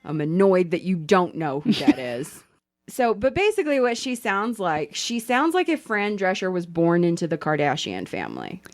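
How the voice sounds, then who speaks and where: A woman's voice: fairly low pitch, normal speed, few pauses. A woman hosting a podcast, telling stories in casual chat with plenty of swearing. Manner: animated, profane storytelling. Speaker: podcast host.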